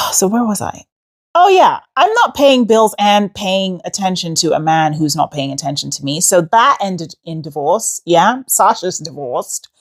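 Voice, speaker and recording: A woman from New York City with an American accent and a slight British tinge, hosting a casual voice note in a sassy, joking, storytelling way. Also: medium pitch. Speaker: host.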